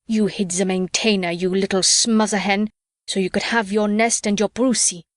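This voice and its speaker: A woman's voice: mid-range voice, steady tone, normal speed, dry recording, natural voice. A woman voicing a bitter, ranting drunk male soldier with a scornful, sneering delivery in an audiobook. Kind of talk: audiobook character reading.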